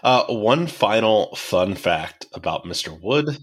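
A man's voice: on the low side, expressive, slow, slight background noise. A man hosting a podcast, telling a history story in a casual, explanatory way with dry asides. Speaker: podcast host.

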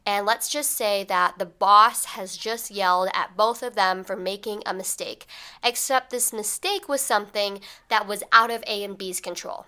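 A young woman hosts a solo podcast in a casual, chatty manner, full of fillers and acted-out examples. Her voice is bright, smooth and clear, with an animated delivery. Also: mid-range voice, moderate pace. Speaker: podcast host.

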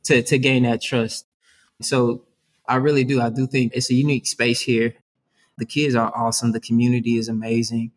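A man's voice: mid-range voice, little pitch movement, moderate pace. A man talking earnestly as a guest in an interview about his youth work. He is upbeat and peppers his talk with "man" and "right?". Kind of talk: conversational interview.

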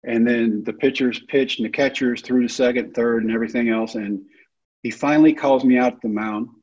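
Man telling a story, husky. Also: mid-range voice, brisk, dull audio. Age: 30s. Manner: animated storyteller who acts out the other people's lines. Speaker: speaker telling his life story. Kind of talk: storytelling talk.

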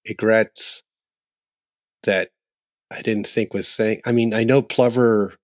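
A man's voice: on the low side, fairly even intonation, slow, no room sound, studio quality. Rambling, jokey man on a podcast. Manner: rambling, jokey, muses aloud with many fillers. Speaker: podcast co-host. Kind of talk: casual chat.

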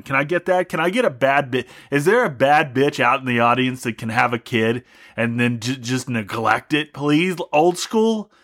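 A young podcast host launches into a profane, mock-angry comedic rant. His mid-range voice has lively intonation, a fairly bright tone and a moderate pace.

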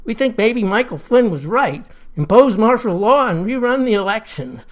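A narrator voicing a gruff, folksy old male ghost who talks bluntly with a drawl. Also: high voice, animated, normal speed. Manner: blunt, homespun.

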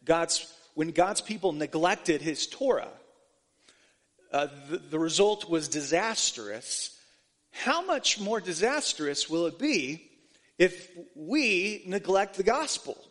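A man's voice: high voice, sing-song, slow, a bit bright. A man preaching a sermon earnestly, often restarting phrases as he explains scripture. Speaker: pastor. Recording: long hall reverb.

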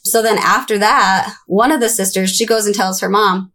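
A young adult woman recounting her childhood in a conversational interview, breaking into high, childlike voices when she quotes people. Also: steady tone, moderate pace, a bit bright. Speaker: interview guest. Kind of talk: candid personal storytelling.

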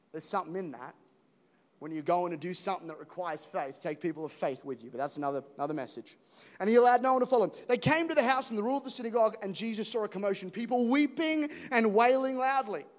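High-voiced man preaching in an echoing hall. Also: fast talker. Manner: animated, playful, acts out stories, repeats words. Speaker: pastor. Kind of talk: sermon. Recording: long reverb of a large hall.

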